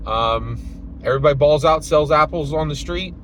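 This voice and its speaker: A man putting on the voice of a brash, boastful male politician who talks quickly about his plans. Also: fairly high pitch, fairly bright tone, a little hiss or hum, lightly acted.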